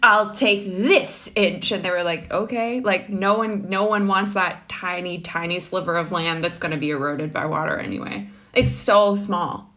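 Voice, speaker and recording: A woman's voice: fairly low pitch, steady tone, normal speed, a bit bright. A woman guesting on a podcast, chatting casually with lots of "like" and laughing asides. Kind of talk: casual chat.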